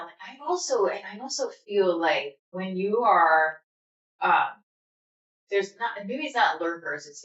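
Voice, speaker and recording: A woman hosts a casual livestream chat, candid and rambling with viewers, swearing freely. Her mid-range voice is a bit bright, and the recording sounds echoey and slightly dull.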